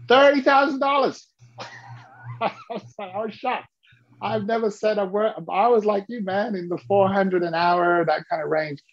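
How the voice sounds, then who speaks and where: A business mentor tells a story with a gravelly, husky edge to his voice. He is animated and acts out the people he quotes. The call audio is dull and lo-fi. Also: high voice. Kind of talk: storytelling to an interviewer.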